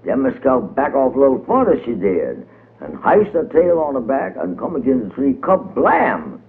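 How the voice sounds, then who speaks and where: A man's voice: mid-range voice, huge pitch swings, normal speed, creaky. A man with a reading a folk tale in a colorful, rhythmic storytelling manner. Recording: tinny old radio recording.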